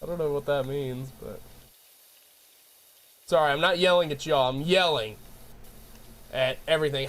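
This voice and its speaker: A man's voice: on the high side, moderate pace, long pauses, fairly bright tone. A man chatting casually on a live stream, joking and ranting in a rambling way and laughing often.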